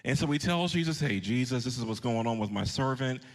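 Earnest pastor telling a personal story. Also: male voice, medium pitch, animated, a little fast. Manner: storytelling with direct questions to the congregation; earnest, shifting pace for emphasis. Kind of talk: sermon.

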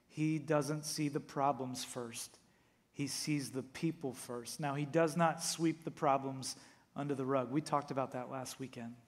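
A male pastor preaching a sermon, animated, acting out quotes and swinging between loud and hushed. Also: a little high.

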